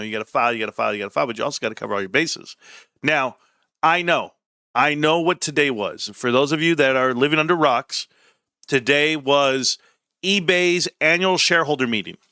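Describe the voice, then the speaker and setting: A man from California ranting casually on a livestream, animated and sarcastic, with frequent swearing. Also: mid-range voice, no room sound, clean studio sound. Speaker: stock market streamer.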